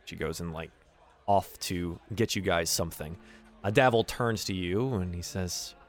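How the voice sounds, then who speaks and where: A man's voice: deep voice, normal speed. Man casually narrating a tabletop game. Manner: loose, filler-heavy narration. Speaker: game master.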